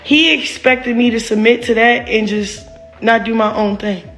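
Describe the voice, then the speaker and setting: A woman's voice: on the high side, fairly even intonation, moderate pace, a bit bright, soft background music. A woman venting about her relationship in a candid, rambling monologue, heated and full of swearing and "like". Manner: rambling, heated, profane, heavy use of "like".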